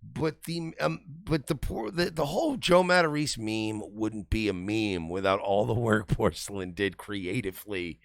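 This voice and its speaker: A man hosting a casual comedic podcast chat, rambling and animated, often slipping into quoted voices. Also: fairly low pitch, normal speed, vocal fry, few pauses, dry recording, clean studio sound. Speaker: podcast host.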